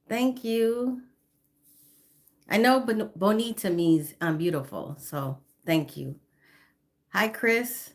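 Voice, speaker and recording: Slow-talking woman in her fifties. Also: medium pitch. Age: 50s. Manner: chatty, greets viewers by name, apologetic. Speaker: livestreamer. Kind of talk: casual live-stream chat, greeting viewers. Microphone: phone.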